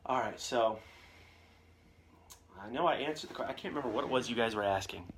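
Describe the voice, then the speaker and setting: A man's voice: medium pitch, brisk, a bit bright, a little hiss or hum. A young man, a voice actor, chatting casually in a live question-and-answer stream, rambling from one anecdote to the next with lots of fillers. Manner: rambling storyteller, jumps between anecdotes with many fillers.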